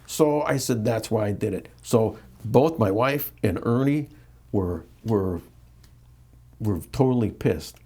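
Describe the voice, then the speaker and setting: A man's voice: fairly low pitch, slow, husky. A middle-aged American man, an interview guest, telling a candid story with many restarts and acted-out quotes. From United States. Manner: animated, repeats and restarts, acts out quotes.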